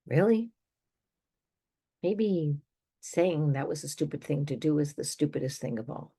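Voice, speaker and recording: Husky older woman, emphatic advice. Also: sits low, lively intonation, normal speed, mellow. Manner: emphatic, conversational, given to little laughs. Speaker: therapist and show host. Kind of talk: direct-to-listener advice monologue.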